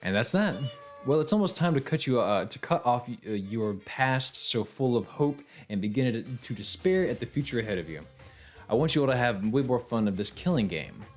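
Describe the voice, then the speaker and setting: A man's voice: mid-range voice, lively intonation, moderate pace, faint music behind, natural voice. Monokuma, a sneering robot bear read by a man. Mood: mocking. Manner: sneering, theatrical taunting. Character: gloating mocking robot bear headmaster, male. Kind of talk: reading game dialogue aloud on stream.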